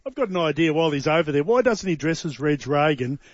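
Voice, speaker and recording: High-voiced joking co-host, man. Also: expressive, quick pace, breathy edge, no echo, lo-fi sound.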